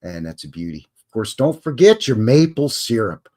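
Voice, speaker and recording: A middle-aged man hosts a live stream, reading out viewer questions and riffing on them with quick asides. His pitch moves a lot, rising and dipping as he jokes. He speaks at a middle pitch, loose and talkative. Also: sing-song, darkish tone. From Canada. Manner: chatty, jokey, rambling with quick asides. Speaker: host.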